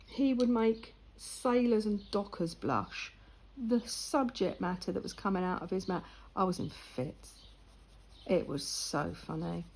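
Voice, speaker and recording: Older woman with a husky voice. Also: medium pitch, lively intonation, measured pace, darkish tone, poor audio. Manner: chatty, laughing anecdotal storyteller. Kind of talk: casual chat while colouring.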